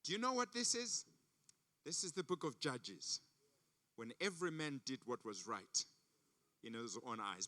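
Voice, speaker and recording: A man's voice: medium pitch, sing-song, unhurried, long pauses, bright, forceful tone. A man from Africa giving a sermon as a guest preacher, telling stories with emphatic repetition. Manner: emphatic storytelling, repeats phrases. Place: church service.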